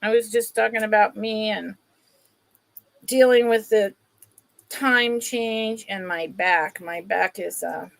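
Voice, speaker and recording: Woman, live sale host, slow unhurried talk, gravelly voice, chatty with viewers. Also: mid-range voice, fairly even intonation, fairly bright tone, no echo. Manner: chatty, greets viewers by name, talks while handling items. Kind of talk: casual live-stream sales chat.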